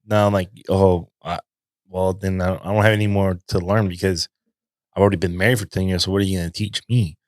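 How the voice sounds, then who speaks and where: A man hosting a podcast, asking measured, thoughtful questions in a casual chat. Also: low voice, steady tone, no echo, clean studio sound. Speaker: podcast host.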